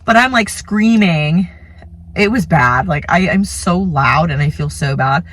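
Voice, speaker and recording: A woman's voice: on the low side, lively intonation, measured pace, fairly bright tone. Chatty woman telling a personal story. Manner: chatty and rambling, heavy use of "like" and "you know". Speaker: vlogger, mother telling a birth story. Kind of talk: casual storytelling.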